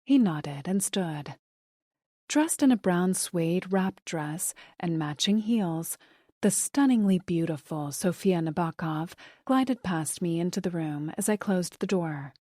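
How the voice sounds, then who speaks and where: Woman audiobook narrator, low mellow voice, measured delivery, dry close mic. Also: lively intonation, no room sound. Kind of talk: first-person audiobook narration.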